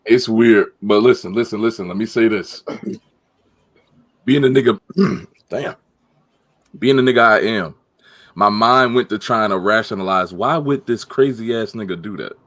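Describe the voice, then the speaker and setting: A man's voice: fairly low pitch, unhurried, pauses often, no room sound, studio quality. A man co-hosting a casual podcast, thinking things through aloud and cutting in. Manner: reasoning aloud, animated, interjecting. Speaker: podcast co-host.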